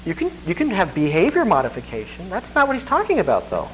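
A man's voice: huge pitch swings, fast, hardly any pauses, a little hiss or hum, low-quality recording. A man preaching a sermon as pastor, emphatic, with conversational asides and chuckles, then leading a prayer. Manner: emphatic preaching with wide swings in pitch and loudness. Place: church congregation.

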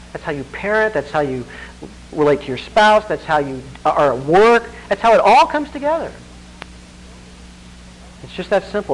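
A man's voice: high-pitched, slight background noise, rough recording. Emphatic preacher, man, wide swings. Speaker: pastor. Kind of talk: sermon. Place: church congregation.

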